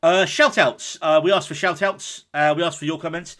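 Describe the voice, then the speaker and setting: A man's voice: fairly high pitch, moderate pace. A man from England co-hosting a podcast, chatting casually and joking while reading out listener comments. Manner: lively, jokey, reads listener comments. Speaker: podcast co-host. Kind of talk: casual chat.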